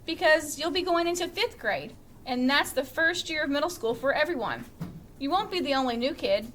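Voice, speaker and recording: Woman reader as a soft, coaxing mother in a storybook read-aloud, high voice. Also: lively intonation, normal speed, slight background noise. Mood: reassuring. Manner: soothing and persuasive. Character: a gentle, reassuring mother.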